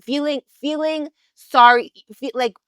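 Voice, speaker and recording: Her voice is high-pitched, steady and a bit bright, delivered at a measured pace in a dry, studio-quality recording. She co-hosts a couples podcast in a casual chat. Insistent, she pushes her point and often starts her sentences over.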